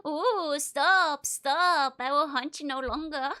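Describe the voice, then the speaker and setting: A woman's voice: sits high, slow, pushed and bright, exaggerated voice. A woman voicing a man who pretends to be a corpse and mock-haunts someone theatrically. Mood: pleading.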